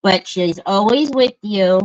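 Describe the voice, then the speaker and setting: Her voice sits at a medium pitch with a somewhat dark tone and a slightly slow delivery. She is a middle-aged woman greeting viewers by name and chatting casually as she crafts on a livestream, captured in dull lo-fi audio.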